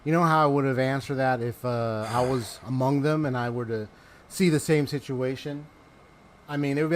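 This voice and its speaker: A man casually commenting on a game he is playing, animated and slangy, laughing often. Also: mid-range voice, brisk. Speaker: let's play host.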